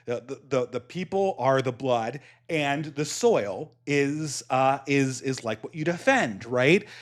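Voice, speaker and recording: A man's voice: medium pitch, expressive, takes it slowly. Californian man with a slight lisp. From United States. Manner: rambling storytelling with many restarts and frequent laughs. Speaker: podcast host. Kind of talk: casual chat.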